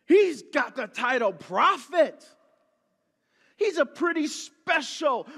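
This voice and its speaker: Guy preaching w a really high voice, goes loud then hushed, cracks jokes at the crowd. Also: slow, big-room sound. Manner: animated storytelling, swinging between loud bursts and hushed asides; jokey, talks straight to the congregation. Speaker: guest pastor. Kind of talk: sermon.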